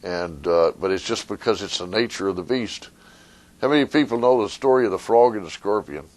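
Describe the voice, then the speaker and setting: A man, an attorney, giving a conversational talk to a live audience, sometimes acting out a fable with lively voices. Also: fairly low pitch. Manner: conversational, retells a fable with rising animated voices. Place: meeting room with an audience.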